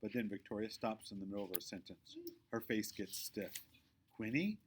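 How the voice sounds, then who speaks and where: A man's voice: a little fast, a little hiss or hum. Man reading a children's book aloud. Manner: expressive storytelling, dropping low for narration tags. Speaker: reader.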